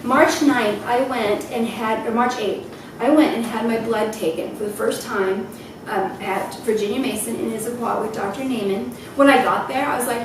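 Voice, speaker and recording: A woman's voice: on the high side, fairly even intonation, normal speed. A woman giving an emotional personal testimony at a health event, laughing through tears as she talks. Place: event hall. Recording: distant, echoey hall with noise.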